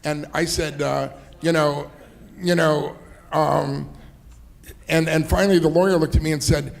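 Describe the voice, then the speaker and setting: A man's voice: on the high side, normal speed, vocal fry. A middle-aged man, an entrepreneur and investor, talking in a fireside chat, rambling through anecdotes with many "you know"s and laughs. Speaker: entrepreneur and investor, interview guest.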